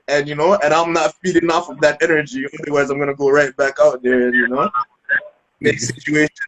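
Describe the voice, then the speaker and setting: A man's voice: medium pitch, low-quality recording. A man co-hosting a podcast, telling a story loosely with many fillers and restarts. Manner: acts out voices with laughter. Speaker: podcast co-host. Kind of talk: casual storytelling.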